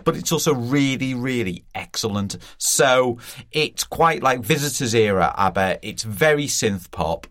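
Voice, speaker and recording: A man's voice: mid-range voice, animated, a little slow, few pauses, fairly bright tone. A man appearing as a guest on a music podcast, chatty and meandering as he explains his pick. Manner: chatty and meandering, with many fillers and restarts. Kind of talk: casual chat about music.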